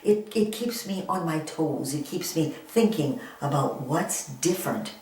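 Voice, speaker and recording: Slow, patient woman teaching reading. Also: deep voice, expressive, darkish tone. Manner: encouraging, sing-song, repeats words and asks "all right?". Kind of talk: slow, patient phonics lesson for young children. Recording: very echoey room, mic at a distance.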